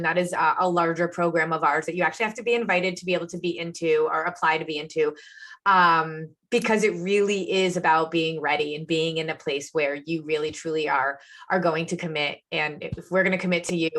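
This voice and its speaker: A woman's voice: low voice, a bit bright. A woman hosting a podcast interview, talking in an enthusiastic, encouraging way. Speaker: podcast host and nutrition coach.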